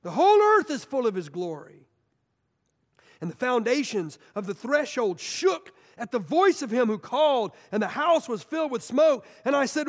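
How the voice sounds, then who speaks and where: High-voiced preacher in a reverberant hall. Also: male voice, animated, moderate pace. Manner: impassioned, dramatic swings between loud and hushed; repeats words when building up. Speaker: guest preacher. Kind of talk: sermon.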